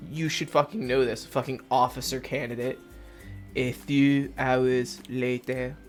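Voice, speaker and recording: A man's voice: mid-range voice, little pitch movement, a little slow, soft background music. Rambling, swearing gaming host, a man. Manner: rambling, profane, self-mocking. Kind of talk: casual let's play commentary.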